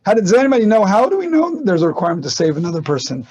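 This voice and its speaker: A man's voice: high voice, huge pitch swings, very fast, hardly any pauses, a little mellow, slightly rough, muffled recording. A man teaching a casual online class on medical ethics, talking conversationally with restarts and rhetorical questions.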